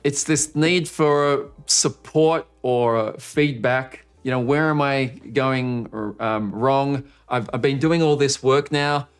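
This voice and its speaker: Male coach running a live online training to camera, energetic with pitch jumps, faint music under. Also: slow, hardly any pauses, clean tone. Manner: energetic, swings pitch up and down to show a point. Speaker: marketing coach. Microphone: speaking to camera.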